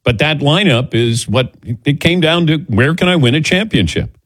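Middle-aged sports radio host, dry sound. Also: male voice, on the high side, lively intonation, normal speed, fairly bright tone, dry recording. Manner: storytelling, acts out quoted voices. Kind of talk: casual sports radio chat.

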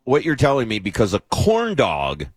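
A man hosting a radio talk show, chatting casually in an animated, playfully skeptical way. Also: mid-range voice, moderate pace, slightly rough, no echo, studio quality. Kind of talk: casual on-air banter.

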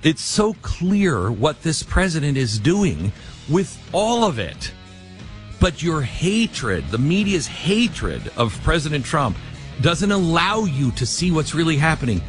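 A man's voice: mid-range voice, unhurried, music in the background. A man hosting a talk radio show, giving emphatic commentary and reading ads live. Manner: animated, emphatic, drops into quoted voices.

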